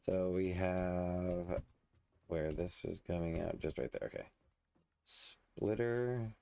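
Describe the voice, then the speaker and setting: A man's voice: deep voice, steady tone, slow, vocal fry, dark tone, clean tone. A man casually commenting on his gameplay, muttering and thinking aloud as he builds. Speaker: let's play host.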